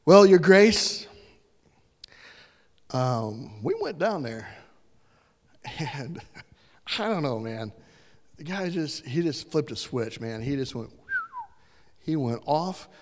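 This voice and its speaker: A man's voice: on the high side, animated, takes it slowly, pauses often, in a large hall. A man voicing a humble, polite servant who speaks hesitantly and casually.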